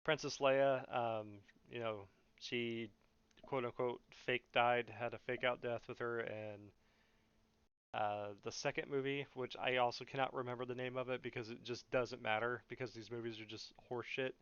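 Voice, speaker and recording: A man's voice: medium pitch, fairly even intonation, normal speed, fairly bright tone, smooth, no room sound, lo-fi sound. A young man hosting a podcast, ranting in a casual, profane, mocking way and often laughing. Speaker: podcast host.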